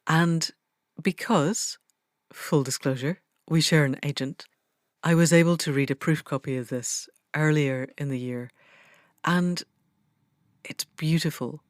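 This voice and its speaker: A woman's voice: low-pitched, fairly even intonation, measured pace, long pauses, no room sound, clean studio sound. A woman hosting a podcast, introducing her guest and asking questions with effusive enthusiasm. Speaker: podcast host.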